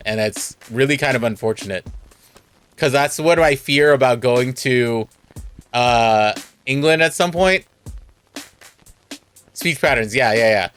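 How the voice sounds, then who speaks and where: A man's voice: medium pitch, fairly bright tone. A Californian man streaming, telling a rambling, self-mocking story with a laugh.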